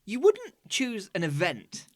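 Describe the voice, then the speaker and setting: A man co-hosting a comedy podcast, animated and sweary, with quick asides. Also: high voice. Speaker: podcast co-host. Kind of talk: casual comedy chat.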